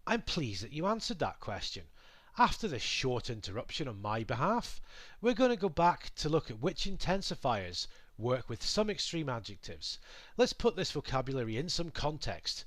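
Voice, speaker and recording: Lively man teaching English. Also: mid-range voice, normal speed, no echo. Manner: patient, clear and friendly, with examples. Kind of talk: explaining grammar to learners.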